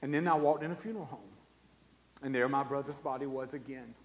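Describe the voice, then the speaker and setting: A man, preaching a sermon and telling a personal story, his voice swinging from hushed to loud. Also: mid-range voice, fast talker. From South Carolina. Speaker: guest preacher. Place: church sanctuary. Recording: long church reverb.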